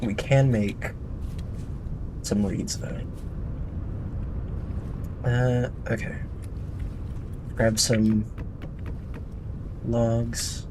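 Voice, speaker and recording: Male streamer, mid pitch, chatty running commentary to himself, faint ambience behind. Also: flat delivery, very slow, long pauses, background noise. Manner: rambling, talks to himself and chat. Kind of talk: casual gameplay commentary.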